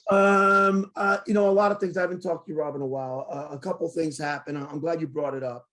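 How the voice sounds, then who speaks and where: Excitable man spinning a sports story. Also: a little high, fast talker. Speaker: sports show host. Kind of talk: animated storytelling in casual chat.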